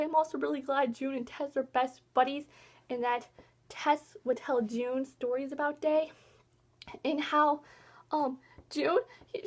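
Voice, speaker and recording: A woman's voice: high-pitched, a little mellow. A young woman vlogger chatting casually about a book she loved, gushing and emotional, rambling with lots of fillers. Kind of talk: casual book review chat.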